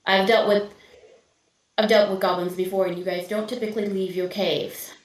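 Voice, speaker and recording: A woman's voice: medium pitch, level tone, normal speed, roomy sound, far from the mic, poor audio. A woman playing a tabletop game, speaking earnestly and formally in character. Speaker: player.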